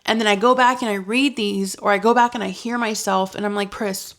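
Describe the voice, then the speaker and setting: A woman's voice: mid-range voice, steady tone, a little fast, fairly bright tone. A young woman vlogging to camera in a casual, confessional way. She is chatty and earnest, and now and then gets emotional and laughs it off. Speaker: lifestyle vlogger.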